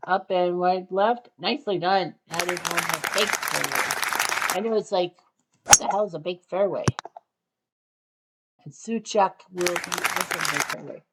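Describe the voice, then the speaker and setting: Excitable golf commentator over loud crowd noise. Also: medium pitch, moderate pace. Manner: excitable, blurts out reactions and swears. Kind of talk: casual play-by-play commentary on a golf game. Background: loud crowd and game sound effects.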